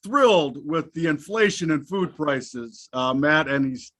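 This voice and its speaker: A man's voice: on the high side, lively intonation, a little slow, a bit bright. A man hosting a casual market show, joking and cursing freely. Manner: jokey, profane banter. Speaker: host.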